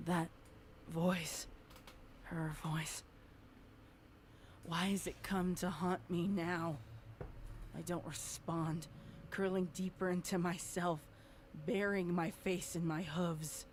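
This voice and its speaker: A woman narrating an audio drama as a young pony mare overcome by guilt, speaking in a halting, stammering way. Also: lowish voice, level tone, a little hiss or hum. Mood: shaken.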